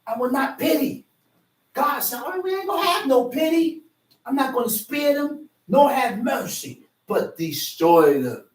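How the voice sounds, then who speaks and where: A man's voice: very high voice, big pitch swings, a little slow. A male preacher giving an emphatic, repetitive sermon, reading scripture and restating it in slang. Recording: echoey room, far from the mic.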